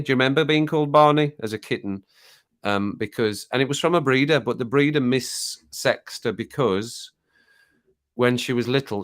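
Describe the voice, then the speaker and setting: A man's voice: lowish voice, fairly bright tone, clear, resonant tone. A middle-aged man from England hosting a casual live chat, reading out comments, laughing often and baby-talking to his cat at home. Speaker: livestream host.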